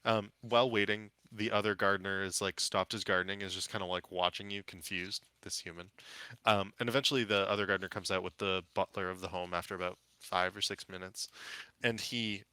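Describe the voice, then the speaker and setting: A man's voice: deep voice, fairly even intonation, brisk, sharp tone, clear, resonant tone, no room sound. A man narrating as dungeon master, hesitant and full of fillers. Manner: hesitant, many fillers and restarts. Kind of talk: narrating a tabletop game.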